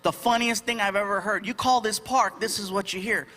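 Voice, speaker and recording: A man doing a stand-up comedy routine, telling stories in an animated way and acting out other people's voices. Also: high voice, fairly quick, few pauses. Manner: animated storytelling, acts out voices. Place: comedy stage before a live audience. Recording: live stage audio with audience noise.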